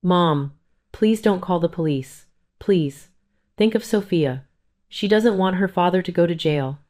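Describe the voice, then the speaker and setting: A woman's voice: on the low side, a little slow, a little mellow, natural voice. A woman voicing a tearful, begging grown daughter. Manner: pleading, tearful.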